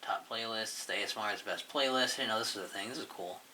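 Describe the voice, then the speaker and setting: Sharp, bright-voiced rambling man. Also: on the low side, fast talker, a little hiss or hum. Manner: rambling, mumbling, swears offhandedly. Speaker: YouTuber reviewing his channel. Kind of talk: casual rambling commentary.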